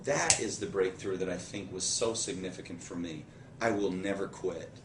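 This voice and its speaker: A man's voice: deep voice, normal speed. A man being interviewed about his years in network marketing, speaking earnestly and laughing as he tells stories. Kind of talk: conversational interview. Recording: roomy echo, somewhat distant mic, faint background noise.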